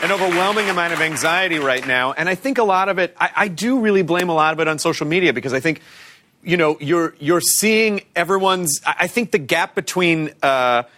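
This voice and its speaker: A man hosting a podcast interview, chatting casually and jumping in quickly. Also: fairly high pitch, expressive, sharp tone, some chatter behind. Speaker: podcast host.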